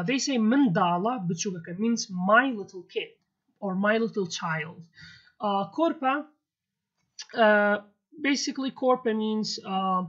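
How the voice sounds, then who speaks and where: Speaking at a medium pitch with a slightly bright quality, this Kurdish-accented woman, a native Kurdish speaker, teaches vocabulary in a casual video. She takes one word at a time, repeats every term, and leans on fillers and frequent "okay"s, all over dull lo-fi sound.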